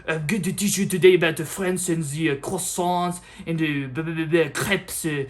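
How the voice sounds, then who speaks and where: A man's voice: a little high, fairly even intonation, moderate pace, lightly acted. A man putting on the voice of a flustered French language teacher, hesitant and full of fillers. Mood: fumbling. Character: mock male French teacher, fumbling and flustered.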